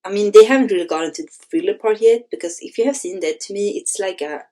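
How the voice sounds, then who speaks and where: A woman's voice: medium pitch, fast, warm tone. A woman hosting a screenwriting channel, reading and analyzing a screenplay in a hesitant way, with many fillers and restarts.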